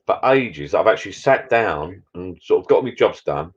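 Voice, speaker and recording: A man's voice: low voice, lively intonation, moderate pace, breathy edge, highs cut off. A man rambling through a casual live-stream chat from his garden bar, talking to viewers in a matey way. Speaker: vlogger hosting a live chat.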